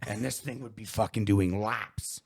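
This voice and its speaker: A man's voice: lowish voice, moderate pace, husky. A young man hosting a podcast, telling a story in casual chat, swearing often and acting out what people said. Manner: animated storyteller, swears a lot, acts out quotes. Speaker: podcast host.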